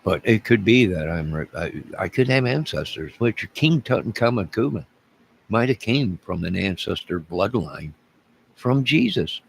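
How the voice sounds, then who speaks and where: A man's voice: fairly low pitch, lively intonation, unhurried, gravelly, slight background noise, low-quality recording. A man hosting his own video channel, talking in a rambling, digressive way with frequent restarts. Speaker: YouTube channel host. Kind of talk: rambling solo vlog.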